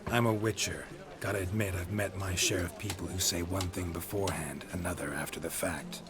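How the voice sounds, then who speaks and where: An actor playing a gruff middle-aged monster hunter in a video game, terse and sardonic. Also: male voice, low voice, fairly even intonation, brisk, loud music behind the voice, lightly acted. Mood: blunt.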